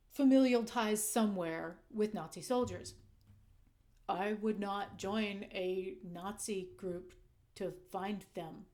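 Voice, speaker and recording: A woman hosting a casual commentary vlog into a desk microphone, candid and emphatic, swearing when she gets heated. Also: mid-range voice. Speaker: channel host.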